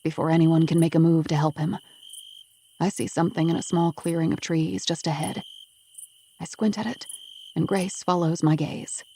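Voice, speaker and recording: A woman's voice: low-pitched, fairly even intonation, normal speed, long pauses, warm tone, slight background noise. A woman narrating a first-person audiobook with an intense, emotional delivery.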